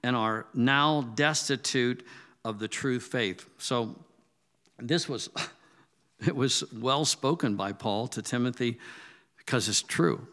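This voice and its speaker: A man's voice: mid-range voice, a bit bright. A male pastor preaching conversationally, telling stories and acting out quoted asides. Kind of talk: sermon.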